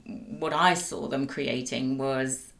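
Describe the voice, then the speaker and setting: Earnest middle-aged woman, low voice. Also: steady tone, slow pace, vocal fry, a bit bright. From Australia. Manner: reflective, earnest, persuasive. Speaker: guest, the host's mother. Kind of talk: casual conversation.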